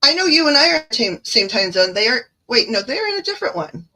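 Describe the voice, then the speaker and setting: A woman with a Midwestern accent chats on a livestream, rambling through stories full of fillers and asides. Her voice is bright and forward. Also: on the high side, sing-song, brisk, rough recording. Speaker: livestream card reader. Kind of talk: casual livestream chat.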